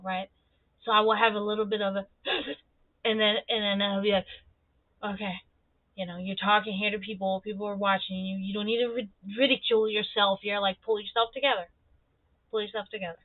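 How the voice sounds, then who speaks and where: A woman streamer talking bluntly and profanely in a casual, animated monologue. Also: mid-range voice, no echo. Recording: tinny phone-like audio.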